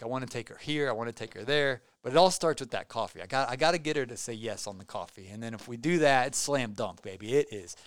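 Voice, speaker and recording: A young male podcast host rambles through his sign-off in an excitable, joking way, tripping over words and piling up fillers. His voice is smooth and clear, recorded close and dry with no room sound. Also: mid-range voice, no echo. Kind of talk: casual podcast sign-off chat.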